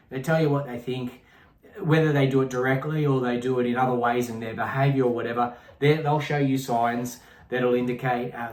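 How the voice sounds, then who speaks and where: A middle-aged man co-hosting a podcast, talking in a reflective, rambling way with frequent restarts. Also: mid-range voice. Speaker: podcast co-host. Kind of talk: casual conversational chat. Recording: echoey room.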